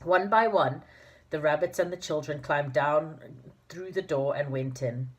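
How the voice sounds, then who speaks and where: A woman's voice: sits low, normal speed. A woman reading a children's storybook aloud in an informal manner, with fillers and restarts. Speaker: narrator.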